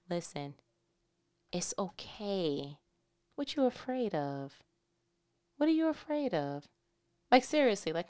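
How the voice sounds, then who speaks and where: A young woman gives an animated faith talk to her viewers, her voice sitting a little low for a woman. She swings between hushed, near-whispered asides and sudden loud exclamations. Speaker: faith vlogger. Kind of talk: devotional pep talk.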